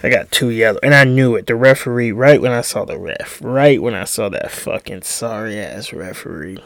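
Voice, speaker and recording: A man's voice: lowish voice, moderate pace, gravelly, a bit bright, no room sound. A young man hosting a solo podcast, telling a heated story in a rambling, profane way. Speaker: podcast host. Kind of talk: casual solo podcast monologue.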